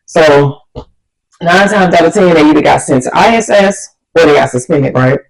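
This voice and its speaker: A woman vlogger telling a storytime tale in an animated, chatty way, talking straight to her viewers. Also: deep voice, moderate pace, poor audio. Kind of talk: storytime vlog.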